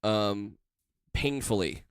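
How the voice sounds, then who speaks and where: A man's voice: on the low side, slow, clean tone, no echo, clean studio sound. A man co-hosting a casual podcast, chatting loosely while sipping beer. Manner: relaxed, chatty, drinking beer. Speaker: podcast co-host. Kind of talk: casual chat.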